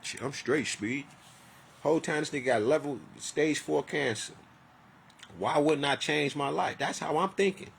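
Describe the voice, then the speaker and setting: A man's voice: a little high, moderate pace, gravelly, a little hiss or hum. A man in his forties talking in a rambling, profane, heartfelt personal monologue. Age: 40s.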